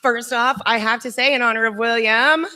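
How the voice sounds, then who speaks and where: A woman speaking at a memorial, slow and teasing. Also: a little high, fairly even intonation. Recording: noisy room.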